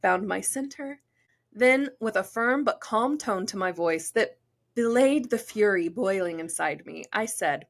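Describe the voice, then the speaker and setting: A woman's voice: medium pitch, a little slow, creaky. A young woman co-hosting a podcast, chatting casually, laughing often and reading a listener story aloud. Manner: chatty, giggly, animated when reading stories. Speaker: podcast co-host.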